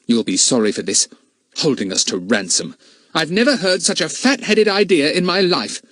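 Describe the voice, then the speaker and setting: A man's voice: high-pitched, sing-song, slow, no room sound, pitched above the performer's own voice, exaggerated voice. A man voicing a fiery, defiant British schoolboy, speaking in a raised, indignant voice. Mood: furious.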